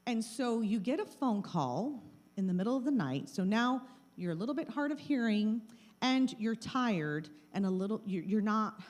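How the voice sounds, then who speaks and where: Middle-aged woman, mid pitch, live community talk on scams; plain, repeated warnings into a handheld mic. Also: darkish tone. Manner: plain, repetitive warnings, acts out scam calls. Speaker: presenter of a scam-awareness talk. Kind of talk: live talk to a small audience. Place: meeting room with an audience.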